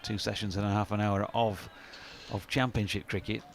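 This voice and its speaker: Musing English cricket co-commentator. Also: male voice, fairly low pitch, flat delivery, moderate pace, a little hiss or hum. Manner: musing, anecdotal, asks rhetorical questions. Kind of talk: conversational co-commentary. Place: commentary box at a cricket ground.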